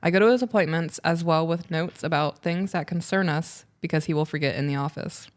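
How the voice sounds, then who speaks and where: A woman co-hosting a relationship podcast, speaking earnestly in a casual chat. Her voice sits a little low for a woman. She sometimes stumbles over a word and laughs easily. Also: brisk. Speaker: podcast co-host. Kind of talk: casual podcast chat, reading listener letter.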